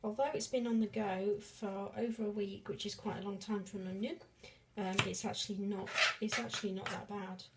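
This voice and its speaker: A woman's voice: medium pitch, level tone, fairly quick, hardly any pauses, noisy background. A woman vlogging a casual cooking demonstration in a home kitchen, rambling and self-deprecating with many fillers and restarts, sniffing as onions make her eyes water.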